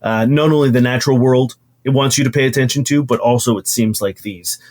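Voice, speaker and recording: A man running a tabletop game as game master, narrating scenes in a descriptive, halting way. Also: mid-range voice, darkish tone.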